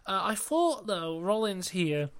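A man's voice: high voice, very animated, slow pace, fairly bright tone, clean tone, no room sound. A young British man co-hosting a casual wrestling review podcast, recapping matches with playful quoted asides. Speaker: podcast co-host.

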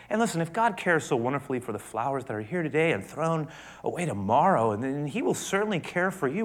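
A man preaching a sermon, shifting between loud emphasis and quiet, hushed passages, often repeating words as he goes. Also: a little high, big pitch swings, fast. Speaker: pastor.

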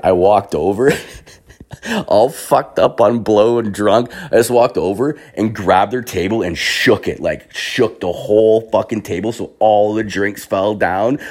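A man's voice: fairly low pitch, normal speed, a little mellow. A young man telling a long story in a rambling, profane way, full of swearing and fillers, a bit hungover.

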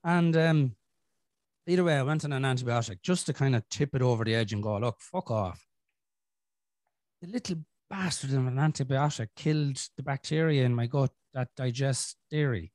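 An Irish man hosting a podcast, talking frankly and swearing, rambling with restarts and clearing his throat from a chest infection. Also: medium pitch, a little fast, darkish tone, no room sound. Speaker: podcast host. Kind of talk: casual podcast chat.

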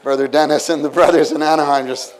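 A man preaching a sermon, retelling a story with lively acted-out exclamations and asides to the listeners. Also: fairly high pitch, fast, background noise. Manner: animated storytelling, acts out scenes with exclamations.

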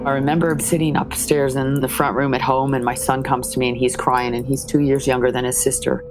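Very low-voiced mother telling her story. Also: flat delivery, brisk, over music. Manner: earnest, retelling scenes with quoted dialogue. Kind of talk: emotional personal account.

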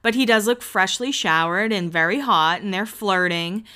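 Woman, gossipy recap chat, swears casually, bright tone, smooth voice. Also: medium pitch, moderate pace. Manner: chatty, gossipy, swears freely. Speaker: vlogger recapping a reality show.

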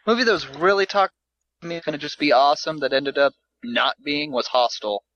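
A man's voice: a little high, fairly quick, a bit bright. A man making brief, offhand remarks in a casual movie chat. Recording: dull lo-fi sound.

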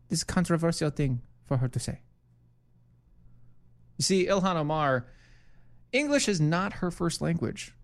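A man's voice: on the high side, lively intonation, normal speed, creaky, pauses often. A man hosting a call-in show, chatting casually and joking with frequent fillers and restarts.

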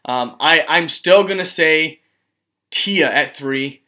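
A man's voice: fairly high pitch, slow. A man co-hosting a podcast in casual chat, laughing often as he talks. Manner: giggly, relaxed, trailing off into laughs. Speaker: podcast co-host.

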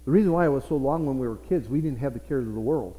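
A man's voice: mid-range voice, fast, warm tone. A man preaching a sermon as pastor, with playful asides to his congregation. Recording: reverberant hall.

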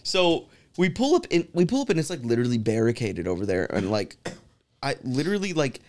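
A man's voice: medium pitch, a little fast. A young man in casual podcast chat, telling stories and acting out the people in them. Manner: animated storyteller acting out quoted voices.

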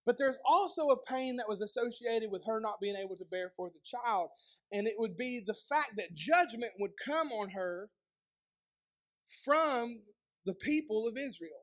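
A young pastor with a Southern East Tennessee accent and a strikingly high voice for a man. He preaches in a conversational way, tossing out rhetorical questions and quick joking asides to the congregation. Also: expressive. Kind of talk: sermon.

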